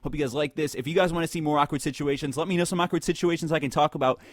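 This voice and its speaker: A man's voice: a little high, fairly even intonation, rapid-fire, dry recording. A man giving rambling, crude, joking commentary over gameplay, talking to his viewers into a close desk mic. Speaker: gaming video host.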